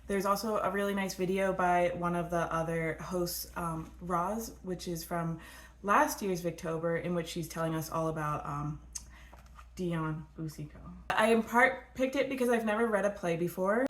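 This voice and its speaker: A woman's voice: fairly low pitch, moderate pace. A woman co-hosting a casual book chat, upbeat and sprinkled with fillers. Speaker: co-host of a book channel. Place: United States. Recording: echoey room.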